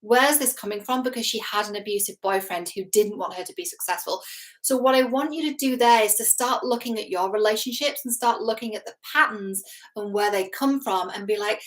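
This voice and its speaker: A woman's voice: medium pitch, brisk, low-quality recording. A middle-aged woman talks casually to camera as a relationship coach. She is earnest and chatty, with a mid-range voice, acts out the lines she quotes and laughs at herself now and then. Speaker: relationship coach reacting to a TV series.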